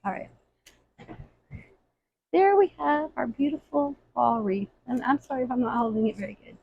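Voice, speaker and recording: Woman craft tutor, chatty and repetitive, gravelly tone, slightly muffled home recording. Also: high-pitched, normal speed, pauses often. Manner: chatty, repeats phrases while working. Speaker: floral craft instructor. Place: craft workroom at a table.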